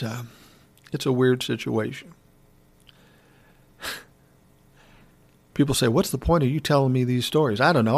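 A man in his sixties talks alone into a podcast mic, candid and reflective. His voice sits at an ordinary middle pitch, and his telling is loose and unscripted. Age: 60s. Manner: reflective, candid, conversational storytelling. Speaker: podcast host. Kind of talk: solo podcast monologue.

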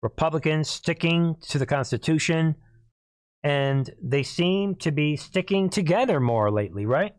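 A hoarse man hosting a political commentary monologue, emphatic, repeatedly clearing his throat and calling out to listeners as "people". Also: fairly high pitch, animated, unhurried, no echo. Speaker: host.

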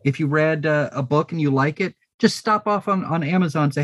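A man's voice: fairly high pitch, brisk, a bit bright, no echo. A man talking as a podcast guest and author, earnest and a bit hesitant, with frequent ums as he gathers his thoughts. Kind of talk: casual podcast chat.

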